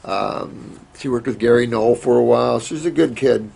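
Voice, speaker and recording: Gravelly man giving rambling health advice. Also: medium pitch, moderate pace, a little mellow. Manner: folksy, rambling, with many fillers. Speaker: health show host answering questions. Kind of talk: casual advice talk.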